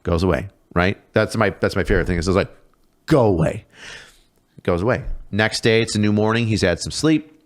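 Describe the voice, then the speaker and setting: A man's voice: fairly low pitch, quick pace. A man in his thirties, a former drill sergeant, telling a story casually on a podcast, swearing freely. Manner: animated, profane, acts out shouted exchanges.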